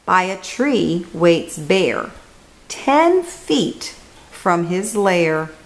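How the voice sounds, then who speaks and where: A woman reading a children's picture book aloud, slow and expressive, dropping to a hush on key words. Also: lowish voice, rough recording.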